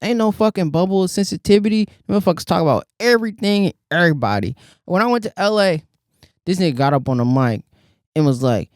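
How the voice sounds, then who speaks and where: A man with a notably high voice jokes and laughs his way through the chat. He co-hosts a casual podcast with friends. The mic is close and dry. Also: quick pace, no echo. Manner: joking, laughs often, animated. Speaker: podcast co-host.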